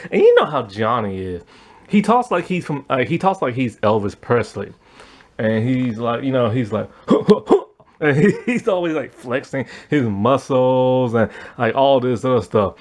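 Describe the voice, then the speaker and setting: A man's voice: medium pitch, expressive, a little slow. Guy rambling thru a cartoon review, voice bouncing up and down, laughs a lot. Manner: rambling, laughs often, many fillers. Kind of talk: casual spoken review.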